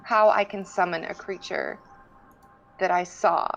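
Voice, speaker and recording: A woman's voice: on the low side, steady tone, measured pace, vocal fry, lo-fi sound, faint music behind. A woman player in a tabletop game, describing her character's actions in a plain, explanatory way.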